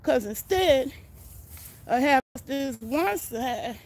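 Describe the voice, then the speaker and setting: A woman's voice: sits high, animated, takes it slowly. An older woman, out of breath, chatting folksily as she walks viewers through her backyard garden outdoors on a phone. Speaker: gardening vlogger. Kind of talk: casual walking garden tour.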